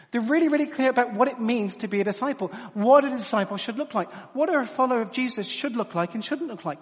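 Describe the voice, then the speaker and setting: A man delivers a sermon in an earnest, chatty way, his voice sitting notably high. He talks through a headset mic, and the sound rings out with a long hall reverb. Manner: earnest, conversational, addresses crowd as guys. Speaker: preacher.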